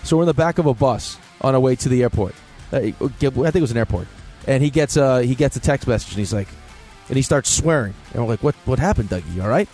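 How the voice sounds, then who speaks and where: A man co-hosting a sports talk show, an animated storyteller who stammers when excited. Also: medium pitch, fast, faint music behind. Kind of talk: casual sports chat.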